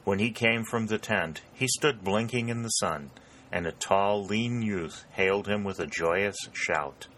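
A man reading an audiobook in a measured, even narration. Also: on the low side, a little hiss or hum.

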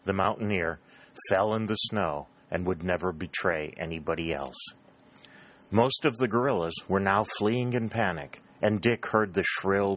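A man reading an adventure novel aloud as audiobook narration, in a steady storytelling manner that rises for the shouted lines. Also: low-pitched. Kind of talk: scripted narration.

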